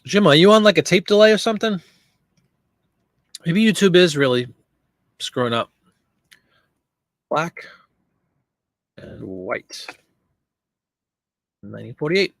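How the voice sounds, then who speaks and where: Casual male live-stream host, slightly high voice, dry close mic, talks to chat as he works. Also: expressive, takes it slowly, pauses often, no room sound. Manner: chatty, reads and answers viewer comments while working. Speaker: live stream host listing items for sale.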